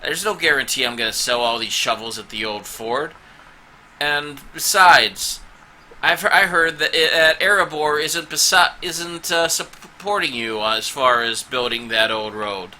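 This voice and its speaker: A man's voice: mid-range voice, measured pace, pushed and bright, a little hiss or hum. A man voicing a harried middle-aged male merchant making defensive excuses.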